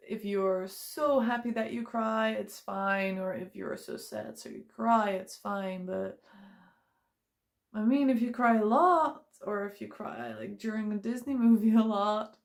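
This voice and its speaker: Young woman vlogger, mid pitch, candid and chatty, filler-heavy delivery. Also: vocal fry. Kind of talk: casual personal talk to camera.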